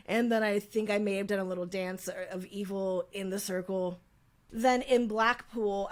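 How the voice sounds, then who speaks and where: A woman co-hosting a podcast, telling a travel story in casual, filler-filled chat. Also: mid-range voice. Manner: chatty storytelling, frequent fillers. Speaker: podcast co-host.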